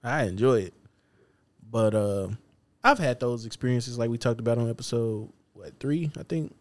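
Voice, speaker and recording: A man's voice: mid-range voice, moderate pace, no echo. A man co-hosting a podcast, chatting casually in a blunt, outspoken way. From United States. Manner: blunt and outspoken, laughs between lines. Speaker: podcast co-host. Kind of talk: casual chat.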